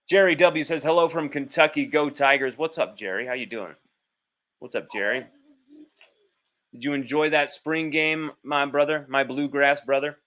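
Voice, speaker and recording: A man with a fairly high, slightly bright voice hosts a sports livestream from home as his child stays nearby. He speaks at normal speed but pauses often, rambling casually and bluntly, swearing without effort.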